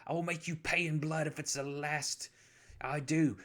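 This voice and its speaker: A man's voice: a little high, fairly even intonation, moderate pace, fairly bright tone, pitched above the performer's own voice, close to an everyday voice. A man voicing a defiant noble uncle in a tabletop game, heated and threatening. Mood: furious.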